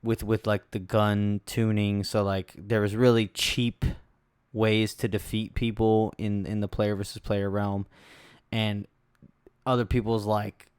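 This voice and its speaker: A young adult man chats alone as a podcast host, telling stories in a rambling, laid-back way with plenty of swearing. His voice sits a little on the low side. The sound is dry and close, with no room echo. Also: level tone, a little slow, a little mellow, clear, resonant tone. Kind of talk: casual solo podcast chat.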